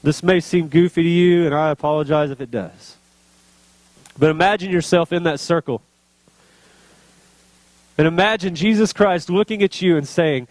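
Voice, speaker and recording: Earnest high-voiced male pastor preaching. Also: moderate pace, long pauses, dry recording. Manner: earnest, rising to emotional intensity. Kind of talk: sermon.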